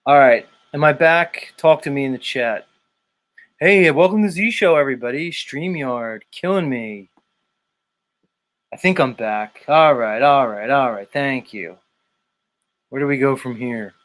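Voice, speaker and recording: A man's voice: mid-range voice, measured pace, pauses often, fairly bright tone. Man, livestream host, casual chat, cusses freely, talks straight to the chat. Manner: loose and profane, talks to the chat.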